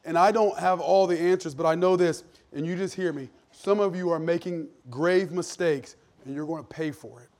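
A man's voice: on the high side, moderate pace, few pauses, a little mellow. A man, preaching a sermon as pastor in an earnest, emphatic, conversational way with frequent restarts. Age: 40s.

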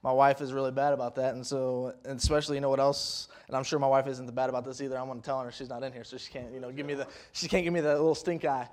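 A young man preaching a folksy sermon, rambling with restarts and rising to loud, emphatic peaks. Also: mid-range voice, level tone, racing, hardly any pauses.

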